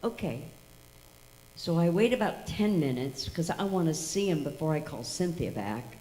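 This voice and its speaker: A woman's voice: deep voice, animated, moderate pace, mellow, poor audio. A woman telling a tribute story to an audience at an event, acting out the dialogue as she goes. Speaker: tribute speaker.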